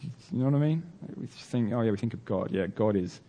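A man's voice: lowish voice, expressive, fast talker, warm tone. Earnest man preaching. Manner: earnest storytelling with many fillers and restarts. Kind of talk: sermon.

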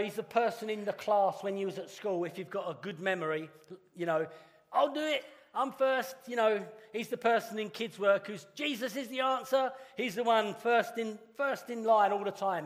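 Earnest man preaching in a reverberant church. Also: high voice. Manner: earnest, conversational with dramatic pauses. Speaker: pastor. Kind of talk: sermon. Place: church hall. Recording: long reverb of a church hall.

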